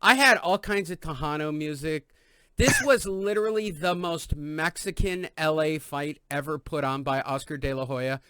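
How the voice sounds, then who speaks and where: A man from East Los Angeles hosting a boxing podcast, joking and telling animated stories in casual chat. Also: a little high, moderate pace, smooth, no echo. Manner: loud, joking, animated storytelling. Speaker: podcast host.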